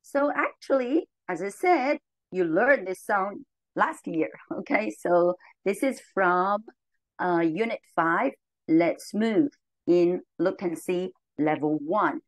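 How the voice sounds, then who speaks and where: A woman leading an English lesson for very young learners, cheerful and slow, her voice jumping high on the commands. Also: no echo, poor audio. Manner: cheerful, slow and clear, with big pitch jumps on commands. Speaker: teacher trainer leading a model lesson. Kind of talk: lively classroom teaching to young children.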